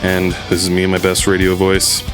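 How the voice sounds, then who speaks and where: A man's voice: sits low, completely flat delivery, fairly quick, music in the background. A man hosting a podcast in a studio, chatting and joking loosely with his co-hosts. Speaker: podcast host. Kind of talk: casual chat.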